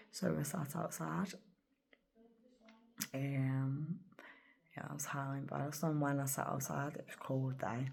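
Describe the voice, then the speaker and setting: A woman's voice: extremely low pitch, level tone, normal speed, creaky. A woman telling a personal story in a rambling, emotional vlog, often dropping to a whisper. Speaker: vlogger.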